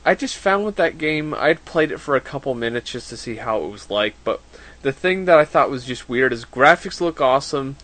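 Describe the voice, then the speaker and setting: Male co-host, middle pitch, casual gaming chat, blunt jokester. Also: fairly bright tone. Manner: quick reactions, crude jokes, gropes for words. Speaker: podcast co-host.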